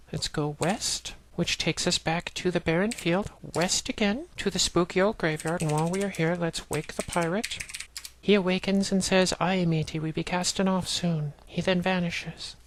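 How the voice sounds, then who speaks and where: A woman's voice: lowish voice, a little hiss or hum. A woman narrating a walkthrough of an old text adventure game, plainly reading commands and game text aloud and explaining each step. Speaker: let's play narrator. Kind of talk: let's play walkthrough narration.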